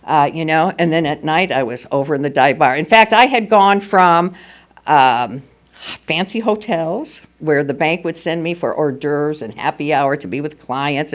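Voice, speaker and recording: An older woman speaking at a recovery meeting, telling her personal story candidly and with humor. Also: low-pitched. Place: meeting room at a school.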